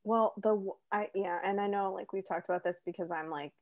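A young woman recounts things in a loose, chatty way, full of fillers and quick asides. Her voice sits at an ordinary middle pitch. It feels like an easygoing conversation between friends. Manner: chatty, animated storytelling with many "like"s. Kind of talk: casual chat.

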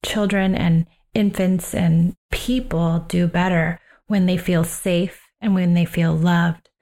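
Calm low-voiced woman parenting coach. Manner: calm, unhurried, reflective. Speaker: parenting coach and podcast host. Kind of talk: personal advice talk.

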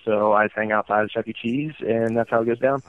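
A man guesting on a podcast in casual chat, self-mocking and a little halting. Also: mid-range voice, fairly even intonation. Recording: tinny phone-like call line.

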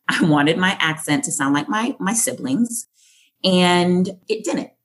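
A woman from Jamaica answers interview questions with thoughtful, measured storytelling. Her voice sits low in pitch and she takes her time. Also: animated. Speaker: guest.

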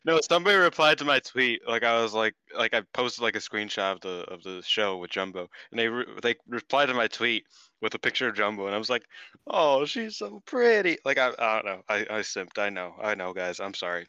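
A man co-hosting a casual podcast, rambling excitably with frequent restarts. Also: lowish voice, quick pace, clean tone, no room sound, highs cut off. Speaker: podcast co-host.

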